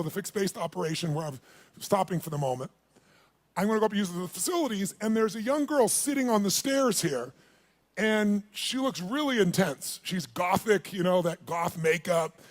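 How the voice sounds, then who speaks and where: A man's voice: high-pitched, expressive, moderate pace. A man giving a motivational seminar, animatedly telling a story, acting out its dialogue and calling on the audience. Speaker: motivational speaker.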